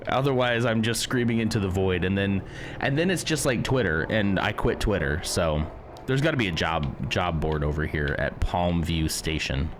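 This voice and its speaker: A man's voice: deep voice, moderate pace, noisy background. A man streaming a game live, chatty and self-deprecating as he talks to his chat.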